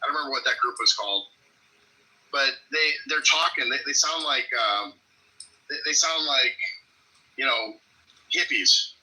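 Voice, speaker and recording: An animated man holding forth on a podcast, jumping between stories and jabs. His voice sits mid-range for a man and comes across very bright and forward. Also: medium pitch, normal speed, pauses often, low-quality recording. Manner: animated storyteller, provocative. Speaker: podcast co-host. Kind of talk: casual chat.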